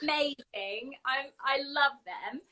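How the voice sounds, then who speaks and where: A woman's voice: sits high, takes it slowly, a crowd in the background. A woman hosting an interview show, gushing and encouraging, with many fillers. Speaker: host. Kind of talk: enthusiastic interview chat.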